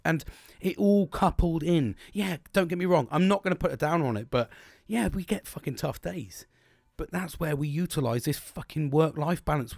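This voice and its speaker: A man's voice: a little high, lively intonation, moderate pace, creaky, a little mellow, no echo, studio quality. A young man hosting a casual solo podcast, rambling and swearing a lot, laughing often. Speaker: podcast host.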